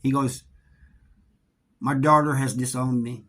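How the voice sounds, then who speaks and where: A middle-aged man telling a story from his time in prison in a casual, halting way, often repeating words. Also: mid-range voice, steady tone, a bit bright. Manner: halting, repeats words, drawling Southern-sounding grammar.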